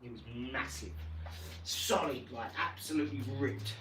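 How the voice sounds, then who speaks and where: A man, rambling casually about his dogs and acting out scenes with lively energy. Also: mid-range voice, normal speed, recorded from a distance. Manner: chatty, animated when acting out scenes. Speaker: vlogger. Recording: echoey room, voice off-mic, noisy.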